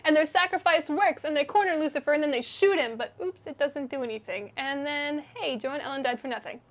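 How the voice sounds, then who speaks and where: A young woman narrating a fast comedic recap in a sarcastic, slangy, bouncy way. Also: high voice. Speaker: animator and narrator.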